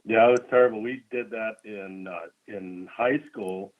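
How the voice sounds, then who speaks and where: A man calling in to a radio show, chatting in a goofy, jokey way with bursts of loud laughter. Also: lowish voice, steady tone, normal speed. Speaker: caller. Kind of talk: casual call-in chat. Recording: tinny phone line.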